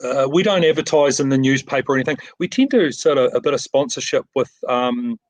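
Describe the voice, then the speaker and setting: A frame shop owner, middle-aged and New Zealand-accented, gives a casual video-call interview in a brisk, mid-range voice with lively intonation. He's modest and meandering, often using fillers and starting over. There's no echo, though the audio is poor.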